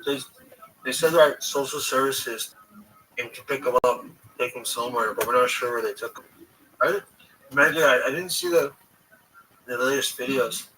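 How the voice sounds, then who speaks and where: A man's voice: medium pitch, normal speed, pauses often, pushed and bright, far from the mic, slight background noise, low-quality recording. A man hosting a livestream, telling a story in a rambling, hesitant way with many restarts. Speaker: livestream host. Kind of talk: casual storytelling chat.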